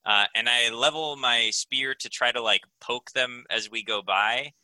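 A young man playing a tabletop role-playing game, describing his character's actions with animated, self-mocking humor. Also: mid-range voice, a little slow, no echo, low-quality recording. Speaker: player.

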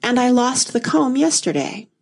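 A woman's voice: on the high side, sing-song, normal speed, vocal fry, darkish tone, pitched above the performer's own voice, full character voice. A woman voicing a flustered, untidy queen who talks in a vague, wistful way. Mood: fussy. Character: flustered untidy White Queen, muddled and plaintive.

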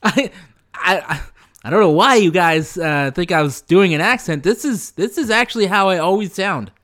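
A man's voice: high-pitched, lively intonation, normal speed, fairly bright tone. A man doing an impression of a young British actor, putting on a British accent, giggling and flustered. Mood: smug. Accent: put-on British.

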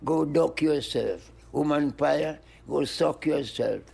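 A man's voice: fairly high pitch, takes it slowly, vocal fry, a little mellow, husky. An older man, speaking in rhythmic, chanted free-flowing poetry and wordplay. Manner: rhythmic, sing-song chanting with animal noises and laughs. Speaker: interviewee, music pioneer.

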